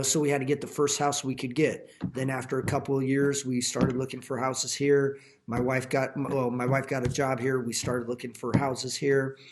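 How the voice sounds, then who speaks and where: A man who teaches high school, giving a recorded lecture over slides with jokey, folksy asides to his students. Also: a little mellow. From Iowa.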